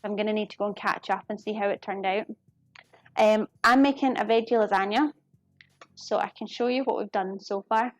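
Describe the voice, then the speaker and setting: A woman's voice: medium pitch, dry recording. A young woman with a Glasgow Scottish accent chatting casually to viewers while she cooks on a live stream, friendly and often apologetic. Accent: Glaswegian Scottish. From Scotland. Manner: chatty, apologetic, quick to laugh.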